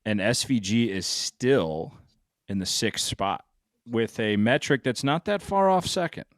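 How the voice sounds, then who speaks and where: A hoarse man hosting a casual sports betting podcast, loose and a little profane, steering the talk with questions. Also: medium pitch, animated, measured pace, no room sound, clean studio sound. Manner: loose, swears, leads the questions. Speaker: podcast host.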